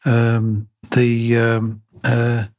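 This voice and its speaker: An older man, a craniofacial surgeon, answering interview questions in a halting way with many fillers and restarts. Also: mid-range voice, completely flat delivery, darkish tone. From Australia.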